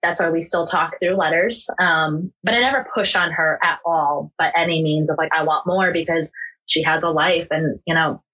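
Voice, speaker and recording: Over poor audio, a young US woman guesting on a podcast opens up emotionally about her life, cursing casually and filling gaps with "like." Her low, breathy, husky voice has a sharp tone, fairly even intonation and normal speed.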